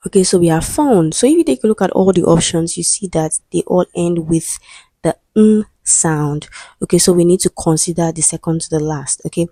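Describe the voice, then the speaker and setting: Nigerian woman tutor, slightly low voice, dry close mic, patient walkthrough of exam questions. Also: dark tone, no room sound. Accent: Nigerian English. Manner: patient, repeats "okay" and "right" often. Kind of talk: explaining English exam questions.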